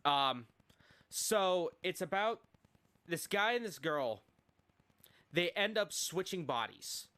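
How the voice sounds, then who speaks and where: A man co-hosting a casual podcast, recapping a movie in an excitable, rambling way. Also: high-pitched, takes it slowly, long pauses, clear, resonant tone. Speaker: podcast co-host. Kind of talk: casual chat.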